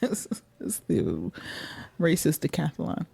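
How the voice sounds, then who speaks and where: A woman's voice: low voice, very animated, slow pace, gravelly, background noise. A woman co-hosting a podcast in casual chat, laughing often and restarting her sentences. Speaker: podcast co-host.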